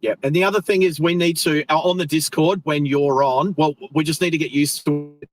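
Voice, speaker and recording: Soft background music accompanies an Australian man live streaming from the road in a slightly high, fairly even voice at a fairly quick pace. He's chatty and rambling, using friendly slang and self-correcting mid-sentence, in a rough recording.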